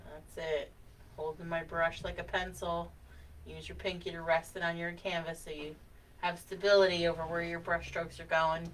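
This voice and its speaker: A woman teaching a live painting lesson, giving gentle step-by-step instructions and laughing easily. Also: on the low side, little pitch movement, normal speed. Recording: distant mic with faint background noise.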